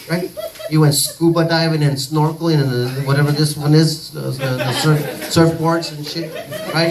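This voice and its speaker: A man on a comedy club stage does a loose, profane stand-up set, rambling from one crude tangent to the next. His voice sits a little high for a man. It comes across distant, picked up well away from the mic, with a clear layer of noise around it. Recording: distant mic, noisy live recording.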